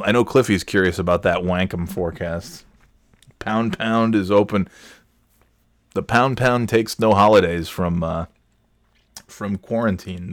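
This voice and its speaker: A man's voice: sits low, no room sound, studio quality. A man hosting a casual solo monologue, talking in a sarcastic, rambling way with many fillers and restarts.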